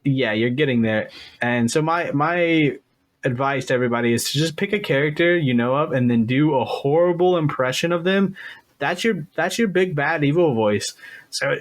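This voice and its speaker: A man's voice: a little high, moderate pace. Male podcast host, casual and jokey, laughs easily.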